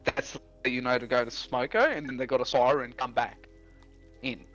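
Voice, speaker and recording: A man's voice: medium pitch, steady tone, normal speed, fairly bright tone, lo-fi sound. A young man with an Australian accent tells a story in blunt, casual speech, swearing almost every line. A little music plays faintly in the background. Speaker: streamer.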